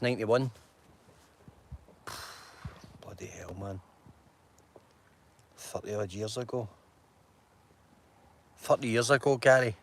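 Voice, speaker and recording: A man's voice: medium pitch, background noise. Chatty man streaming from a glen. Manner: chatty, rambling, greets viewers by name. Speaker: live-stream host. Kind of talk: casual live-stream chat. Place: outdoors in a mountain glen.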